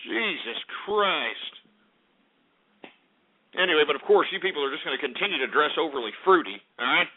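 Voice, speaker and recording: A man's voice: fairly high pitch, animated, very fast. A man hosting a radio show, ranting about market prices in a crude, insulting, exasperated way and muttering irritated asides. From Texas. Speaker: radio host. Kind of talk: abrasive comedic market rant. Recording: narrow phone-like radio audio.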